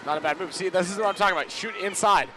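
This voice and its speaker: A man's voice: high voice, rapid-fire, background noise. A man doing live paintball commentary, chatty and joking with his co-host.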